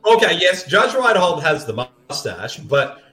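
A man's voice: a little high, big pitch swings, a little slow, bright, forceful tone. A man co-hosting a casual movie commentary, joking and laughing often. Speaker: podcast co-host watching a film. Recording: roomy echo.

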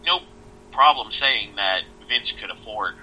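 A man's voice: on the low side, animated, unhurried, sharp tone, a little hiss or hum, poor audio. A man co-hosting a casual wrestling podcast, talking bluntly and swearing now and then. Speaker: podcast co-host. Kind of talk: casual chat.

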